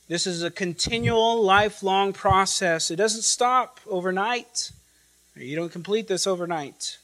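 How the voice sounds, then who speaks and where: A man with a voice on the high side preaches an expository sermon, emphatic and repetitive, swinging between loud declarations and hushed lines while drawing out quoted scripture and Greek words. The audio quality is poor.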